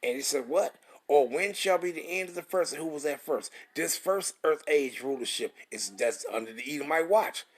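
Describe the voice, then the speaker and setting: Man, husky voice, emphatic scripture preaching, rhetorical questions, swearing. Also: a little high, animated, moderate pace. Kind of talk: street-style scripture teaching.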